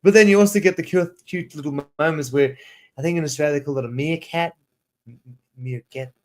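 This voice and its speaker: Rambling man, higher voice. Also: fast talker, a little mellow. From South Africa. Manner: rambling, restarts sentences, reads prompts aloud. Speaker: ESL teacher and streamer. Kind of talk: casual livestream chat.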